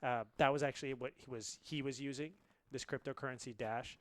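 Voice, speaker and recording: Man from India, late 20s, podcast guest, animated storyteller, laughs a lot, dry close sound. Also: mid-range voice, brisk, dry recording. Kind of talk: casual storytelling.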